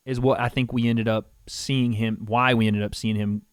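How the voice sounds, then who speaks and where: A man's voice: medium pitch, flat delivery, normal speed, smooth, no echo, clean studio sound. A man co-hosting a podcast, casually breaking down old fight footage and calling out punches with little sound effects.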